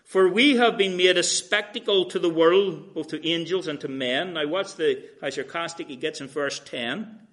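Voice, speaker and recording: A man preaching an expository sermon, reading verses and paraphrasing them in a sarcastic everyday voice, swinging from loud emphatic lines to quiet asides. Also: on the high side, normal speed.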